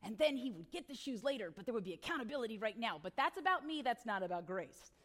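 A woman's voice: on the high side, big pitch swings, fast talker, fairly bright tone. Middle-aged woman preacher, chatty and wry, sometimes drifts off mic. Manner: conversational storytelling with asides and tag questions. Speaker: pastor. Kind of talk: sermon.

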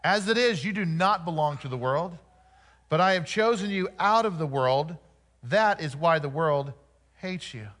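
High-voiced man preaching a sermon. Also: lively intonation, a bit bright. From Oklahoma. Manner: rhetorical questions to the congregation, slows for scripture readings.

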